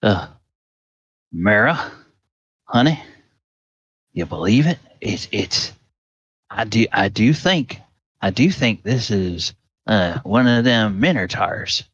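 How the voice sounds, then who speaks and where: A man's voice: fairly low pitch, expressive, slow, pauses often, a bit bright, breathy edge, no room sound, highs cut off, full character voice. A man voicing a simple older farmer who talks in a hesitant, folksy drawl. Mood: bumbling.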